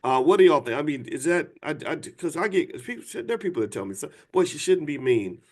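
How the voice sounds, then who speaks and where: Quick-paced and very animated, a man in his fifties with a fairly high voice hosts a live talk for viewers. He's blunt and pushy, frequently restarting and asking the audience to respond.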